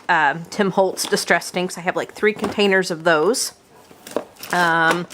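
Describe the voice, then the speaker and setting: A woman's voice: on the low side, fairly bright tone, a little hiss or hum. A woman talking casually on a handheld camera as she tours her home craft room, rambling with many fillers and restarts. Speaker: vlogger giving a room tour. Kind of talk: casual chat.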